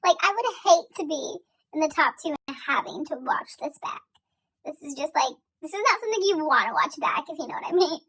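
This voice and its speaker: A woman's voice: sits high, lively intonation, brisk, fairly bright tone. Giggly young woman ranting into her phone. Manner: chatty, giggly, exasperated, says y'all and like. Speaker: vlogger reacting to a TV finale. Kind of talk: casual reaction chat. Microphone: phone held at arm's length.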